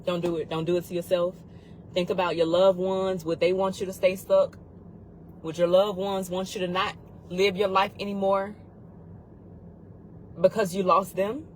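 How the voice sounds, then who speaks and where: A woman's voice: fairly low pitch, flat delivery, normal speed, pauses often, a little hiss or hum, rough recording. A woman giving a heartfelt motivational talk on grief, earnest and urgent, repeating key phrases for emphasis. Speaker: grief support speaker.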